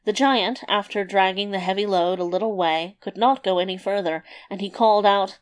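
A woman narrating a fairy tale in a measured, expressive read-aloud manner. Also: medium pitch, clean tone.

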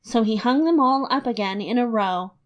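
A woman narrating a fairy tale in a lively, expressive storybook reading. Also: on the high side, moderate pace, highs cut off.

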